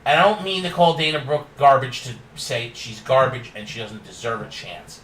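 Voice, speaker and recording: A man's voice: medium pitch, steady tone, moderate pace, fairly bright tone, roomy sound, distant mic, a little hiss or hum, poor audio. A man hosting a casual wrestling recap, opinionated and ranting with frequent laughs. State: yawning and tired.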